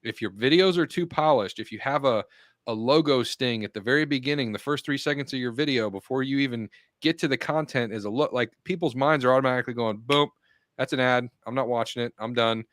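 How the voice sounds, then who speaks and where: A man co-hosting a podcast, explaining marketing ideas in a steady, matter-of-fact way. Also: medium pitch, quick pace, no echo, studio quality. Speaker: podcast co-host. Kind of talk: casual round-table chat.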